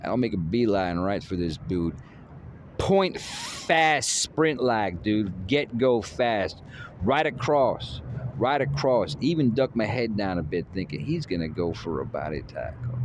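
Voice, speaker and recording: A man records himself on his phone as he rambles on with cocky, teasing trash talk about a fight. This vlogger's voice sits low, and there is noise in the background.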